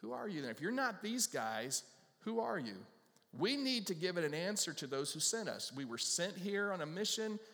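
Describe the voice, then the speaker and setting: A man's voice: very animated, moderate pace, fairly bright tone, full character voice. A man voicing suspicious male religious officials who keep pressing with questions. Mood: demanding. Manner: pressing, interrogating, raised pitch. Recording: long reverb from a large hall.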